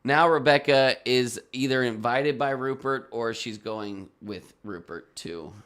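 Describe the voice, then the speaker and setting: A man's voice: medium pitch, measured pace, fairly bright tone, clear, resonant tone. A man co-hosting a casual podcast chat about a TV episode, laughing often and joking playfully. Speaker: podcast co-host.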